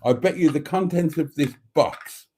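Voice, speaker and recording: A man's voice: a little high, moderate pace, background noise. A man hosting a live stream, chatting and telling rambling stories with laughs and teasing asides. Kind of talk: casual chat and storytelling.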